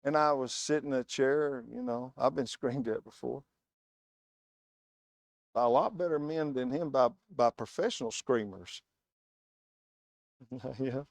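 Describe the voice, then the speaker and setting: A man's voice: mid-range voice, measured pace, vocal fry, pauses often, dry recording. A man preaching a sermon in a church, telling stories with emphatic, word-by-word stress. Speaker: guest preacher.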